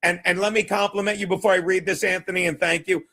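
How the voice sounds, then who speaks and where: A man talking casually and warmly on a played show clip, paying compliments and reading a message aloud. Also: high voice, steady tone, fast. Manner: friendly, complimentary.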